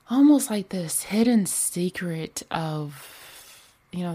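A woman's voice: on the low side, creaky, a little mellow. A woman hosting a podcast, talking in a rambling, casual way with many fillers. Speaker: podcast host. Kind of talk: casual spiritual podcast monologue.

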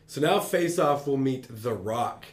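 A man's voice: mid-range voice, lively intonation, unhurried. A man co-hosting a casual movie chat, talking in an enthusiastic, loose way. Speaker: podcast co-host.

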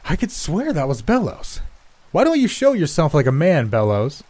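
Bewildered, terrified scientist with a high, strained voice, put on by a male narrator for a spoken horror story. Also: huge pitch swings, moderate pace, darkish tone, no room sound. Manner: bewildered, rambling. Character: dazed, frightened male lab scientist.

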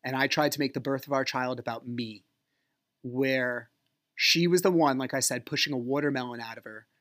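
Male podcast host, mid-pitched voice, candid personal monologue with an aggrieved edge. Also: steady tone, normal speed, a bit bright.

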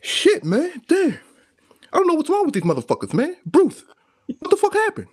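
A man doing an impression of an exasperated male comedian fresh off a booed set, griping and cursing in a strained, raspy voice. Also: very high-pitched, wildly swooping pitch, normal speed, voice pushed up, exaggerated voice. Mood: frustrated.

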